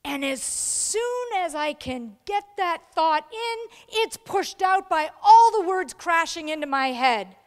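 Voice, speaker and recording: Slow-spoken woman telling a story in a hall. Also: very high voice, expressive. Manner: dramatic storytelling, acting out quoted voices. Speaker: keynote speaker. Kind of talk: storytelling speech to an audience. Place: large event hall.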